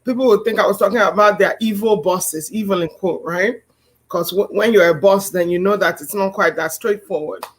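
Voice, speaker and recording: Woman summit host, mid pitch, chatty and lively. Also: normal speed. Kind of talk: casual talk to an audience.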